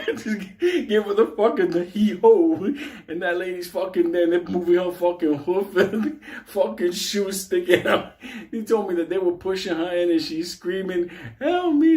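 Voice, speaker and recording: A man tells a rambling story in a casual, profane way, laughing all through it. His voice sits a bit high for a man. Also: a little mellow. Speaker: host.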